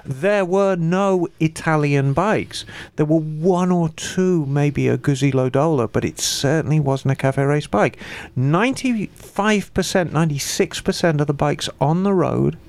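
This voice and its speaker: A woman co-hosting a casual podcast, reading out a listener email with animated, emphatic asides. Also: sits low, a little slow, hardly any pauses. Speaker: podcast co-host.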